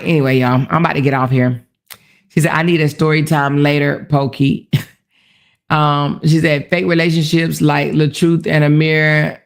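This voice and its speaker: A woman's voice: low voice, level tone, moderate pace, gravelly. A woman hosting a casual livestream commentary, chatty, laughing often and reading comments aloud. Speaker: commentary host.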